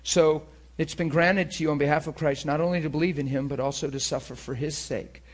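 A man preaching a sermon to a class, talking in an animated, conversational way. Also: a little high, a little fast.

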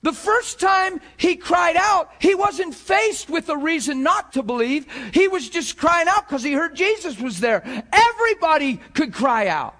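High-voiced preacher swinging from shouts to hush. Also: male voice, lively intonation, a little slow, few pauses. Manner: repeats words and restarts often. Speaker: pastor. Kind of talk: sermon.

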